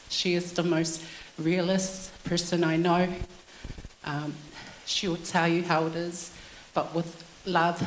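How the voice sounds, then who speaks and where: A woman's voice: lowish voice, reverberant, slight background noise, low-quality recording. A woman giving a chatty funeral tribute for her mother-in-law, telling stories with a few ums along the way. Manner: chatty storytelling with fillers. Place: church hall.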